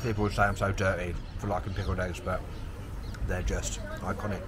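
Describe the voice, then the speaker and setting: A man's voice: deep voice, flat delivery, brisk, background noise. A man in his thirties from London with a London accent, chatting casually and cheekily to camera on trains, streets and in a chip shop. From London, England. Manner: chatty, cheeky, self-mocking. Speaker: travel vlogger. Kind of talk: casual vlog commentary.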